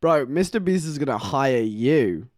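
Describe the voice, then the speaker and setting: A man's voice: medium pitch, measured pace, no echo, clean studio sound. A man chatting casually on a live stream, rambling through stories and laughing often. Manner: rambling, animated storytelling with frequent laughs.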